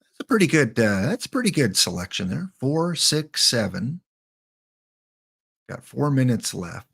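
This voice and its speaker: A male streamer in the middle of a live game session, talking at an unhurried, drawn-out pace. His voice sits at an ordinary male pitch. He mulls over each choice out loud, repeats names under his breath, and turns now and then to chat with viewers. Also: big pitch swings, gravelly, slightly rough. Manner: thinks aloud while picking cards, mutters names; chatty asides to chat viewers. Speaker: livestream host. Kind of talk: live gameplay commentary.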